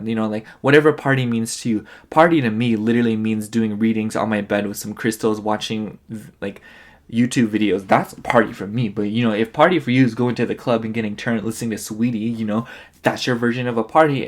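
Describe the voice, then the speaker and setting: A man gives a relaxed pick-a-card tarot reading, his voice sitting in an ordinary middle range. He sounds a little tired and keeps circling back with loose, rambling asides. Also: medium pitch. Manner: rambling, full of "like" and "you know". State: tired, yawning. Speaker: tarot reader.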